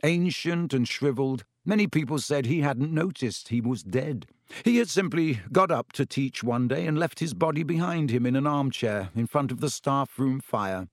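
A man reading a story aloud in measured, even scripted narration. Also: mid-range voice, dry recording, studio quality. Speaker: audiobook narrator.

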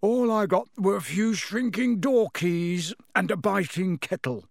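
A man's voice: on the high side, lively intonation, measured pace, no echo, clean studio sound. A man voicing a tired, mild middle-aged wizard father who mumbles wearily and stammers when caught out. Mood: weary. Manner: weary, mumbling, then flustered and stammering.

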